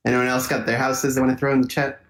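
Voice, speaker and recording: Male co-host, mid-pitched and easygoing, chuckles a lot, runs the listener questions. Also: little pitch movement, fast talker. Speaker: podcast co-host. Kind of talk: casual chat.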